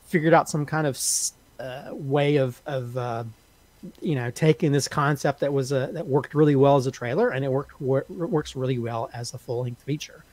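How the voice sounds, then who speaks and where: A man with a slightly high voice talks through a horror film review on a podcast panel, stumbling into restarts and fillers and chuckling as he goes. His voice is dry and close, with no room around it. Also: no echo. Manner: halting, many restarts and fillers, laughs often.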